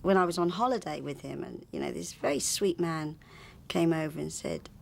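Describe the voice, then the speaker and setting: A woman recounting stories as an interviewee, chatty and animated, often stumbling and restarting her sentences. Her voice is low and gravelly. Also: moderate pace, slight background noise. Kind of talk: anecdotal reminiscence.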